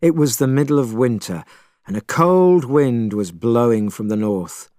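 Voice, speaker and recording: A man narrating a storybook chapter in a measured, expressive way. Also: medium pitch, no echo, clean studio sound.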